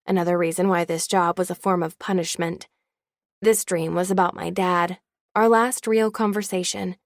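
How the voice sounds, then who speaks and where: Woman, audiobook narrator, first-person, wry, candid, gravelly voice. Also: lowish voice, fairly even intonation, moderate pace, dry recording, clean studio sound.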